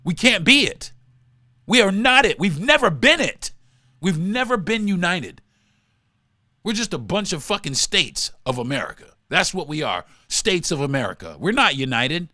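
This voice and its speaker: Fired-up man ranting, high lively voice. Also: normal speed, no echo, clean studio sound. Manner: heated, profane, swings between shouting and muttering. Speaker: podcast host. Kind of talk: profane ranting monologue.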